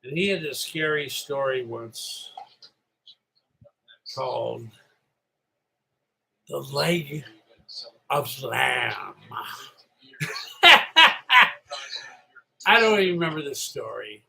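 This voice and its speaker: A man's voice: medium pitch, animated, slow pace, vocal fry, pauses often, pushed and bright, poor audio. A middle-aged man from upstate New York hosting a solo live stream, rambling and chatty after a few drinks. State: slightly tipsy.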